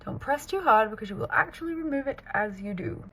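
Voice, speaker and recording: A woman in her thirties from the north of England with a muddled British-American accent and Scouse traces, chatting casually through a makeup tutorial and often dropping to a soft near-whisper. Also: high voice, animated, brisk, slight background noise. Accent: mixed British and American, with Scouse traces. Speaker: makeup artist and content creator. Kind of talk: get-ready-with-me makeup tutorial.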